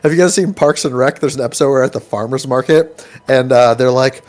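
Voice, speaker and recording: A man talking casually with friends before a tabletop game, his voice sitting at an average pitch. He rambles through anecdotes, leaning on likes, ums and restarts. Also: brisk, darkish tone. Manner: rambling storyteller, many likes and ums, acts out quoted voices.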